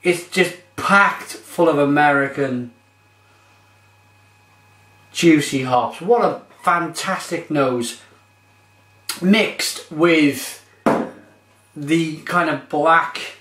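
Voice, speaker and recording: A man's voice: fairly high pitch, drawn-out words, pauses often, a bit bright, echoey room. A man reviewing beer on his vlog, gushing and exclamatory as he describes it.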